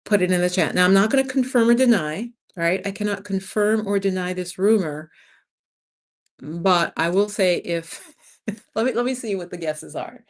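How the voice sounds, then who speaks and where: A woman over fifty from the United States, hosting a casual livestream and chatting with viewers, telling stories with lively acted-out quotes. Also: mid-range voice, moderate pace. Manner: animated storyteller, acts out other people's lines. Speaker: livestream host. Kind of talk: casual live-chat talk to viewers.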